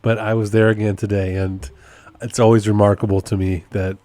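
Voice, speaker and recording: A man's voice: lowish voice, little pitch movement, fairly quick, mellow. A man hosting a casual solo podcast update, rambling and amused at himself, often repeating his points. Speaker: podcast host and process server.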